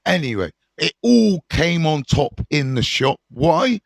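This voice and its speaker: A man's voice: on the high side, sing-song, slow pace, gravelly, dry recording. A middle-aged English man, a recovery mentor, telling his story in casual, candid talk with slang and swearing.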